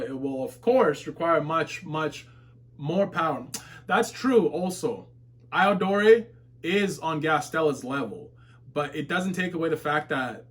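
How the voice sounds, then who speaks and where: A man streaming a live webtoon reaction, reading viewer comments aloud and reacting with laughs, curses and outbursts. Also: fairly high pitch. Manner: excitable, swears and shouts at plot twists, laughs often.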